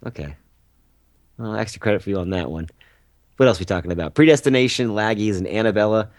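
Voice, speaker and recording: A man's voice: on the low side, fast talker, no echo, clean studio sound. A man co-hosting a movie podcast, rambling and joking with sarcastic asides. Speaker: podcast co-host. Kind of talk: casual movie podcast chat.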